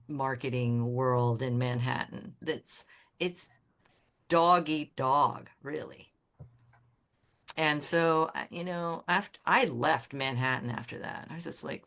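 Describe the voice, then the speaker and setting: A woman guest on a podcast, telling candid stories about her design career in a blunt, swearing, animated way. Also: low voice. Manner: animated storyteller who acts out quoted people. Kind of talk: casual storytelling interview.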